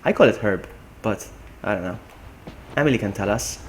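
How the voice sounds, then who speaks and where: A man's voice: on the low side, lively intonation, moderate pace, a little hiss or hum, rough recording. A man from Malta, chatting casually and rambling while streaming a game. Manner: chatty, rambling, laughs at himself. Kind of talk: casual live-stream chat.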